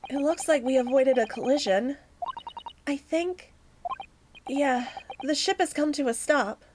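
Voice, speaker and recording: Woman voicing a soft, polite young assistant. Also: high voice, a little slow, background noise. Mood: gentle. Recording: lo-fi music playing behind.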